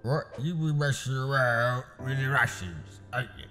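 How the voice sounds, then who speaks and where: A man voicing a menacing middle-aged London gangster with a Cockney accent, a deep croaky throat voice and a blunt, swearing drawl. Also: expressive, measured pace, bright, forceful tone, faint music behind. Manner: swearing, drawling, probing questions.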